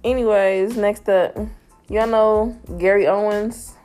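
A woman's voice: mid-range voice, fairly even intonation, slow, a little mellow, soft background music. A woman co-hosting a casual chat show, blunt and profane, laughing often. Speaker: podcast co-host.

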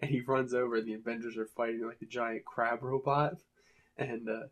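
A man in casual chat, retelling cartoon sketches in a lively way with voiced quotes. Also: mid-range voice, moderate pace.

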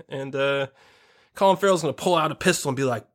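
A man's voice: mid-range voice, a little fast. A man co-hosting a podcast, spinning a long absurd comic story and acting out the people in it. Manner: spins absurd stories, acts out quoted characters. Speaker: podcast co-host. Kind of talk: casual comedic chat.

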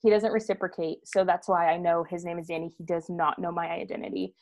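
A woman's voice: on the low side, fairly even intonation, fast talker, darkish tone. A young woman co-hosting a podcast, telling a story casually and laughing often as she talks. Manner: giggly, laughs through her stories. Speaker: podcast co-host.

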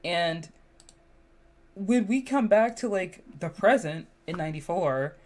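A woman hosting a podcast in casual chat, sassy and animated, her voice jumping up when she exclaims. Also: fairly low pitch, a little slow. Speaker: podcast host.

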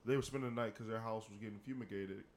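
A man co-hosting a podcast, telling a profane story with animated energy. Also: on the low side, racing, slight background noise. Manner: animated, profane storyteller who acts out the scenes. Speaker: podcast co-host. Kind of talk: casual chat, telling a funny story.

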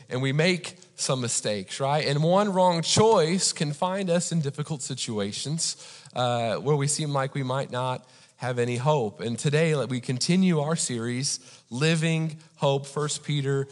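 Man preaching in a reverberant hall. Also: mid-range voice. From Indiana. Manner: conversational, repeats "right?" for the audience. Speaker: pastor. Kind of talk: sermon with storytelling.

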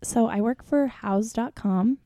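A woman's voice: a little high, measured pace, mellow. A young woman from Kansas City chatting as a guest, bubbly and laughing often, with lots of "like". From Kansas City area, USA. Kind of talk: casual chat.

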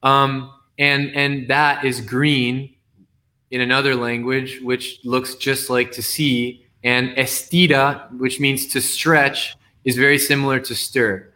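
Man, video call, middle pitch, hesitant, repeats words, explaining a poem. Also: level tone, slow pace, pushed and bright. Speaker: poet guest. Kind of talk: casual explanation and poem reading.

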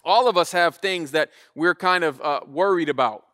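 A man, a pastor in his thirties, telling a casual, animated sermon story and acting out voices. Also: a little high, normal speed, dry recording, studio quality.

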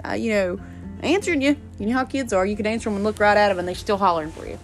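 A woman's voice: mid-range voice, racing, music in the background. A woman, chatting and laughing as she rambles through stories about her children. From West Virginia. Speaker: mother telling family stories. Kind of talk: casual storytelling to viewers.

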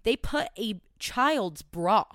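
A young woman co-hosting a podcast, chatting casually in a blunt, sweary way with quick asides. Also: medium pitch, animated, fairly bright tone, no room sound, studio quality. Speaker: podcast co-host. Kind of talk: casual chat.

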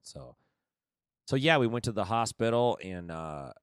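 A man co-hosting a podcast in casual chat, telling stories in an animated way and saying "man" and "dude" often. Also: fairly low pitch, unhurried, smooth, no room sound, clean studio sound. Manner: animated storytelling, says "man" and "dude" a lot. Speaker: podcast co-host and kids' jiu-jitsu coach.

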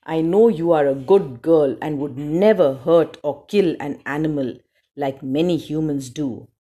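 Gruff, kind female polar bear for a storybook, voiced by a woman; low, slow, breathy delivery. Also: dark tone. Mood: gruff, welcoming. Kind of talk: storybook reading.

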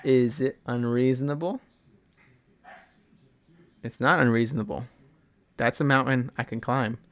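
A young man with a gravelly, fry-laden voice at a middle pitch talks straight into his podcast. His motivational monologue rambles and is thick with swearing, blunt and unpolished. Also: fairly even intonation, a little slow. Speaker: podcast host.

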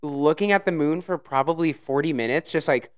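A podcast host in casual chat, rambling through animated stories and breaking into silly voices. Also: mid-range voice, brisk, smooth, highs cut off.

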